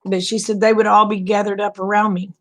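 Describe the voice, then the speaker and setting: A woman's voice: mid-range voice, level tone, fairly quick. A middle-aged woman, telling a long homespun story in a casual vlog, full of "he said" asides. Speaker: vlogger. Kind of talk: casual late-night storytelling.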